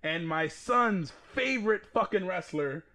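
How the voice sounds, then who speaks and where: A man in his thirties hosting a podcast, casual and profane, excitable and quick to laugh. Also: sits high. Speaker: podcast host.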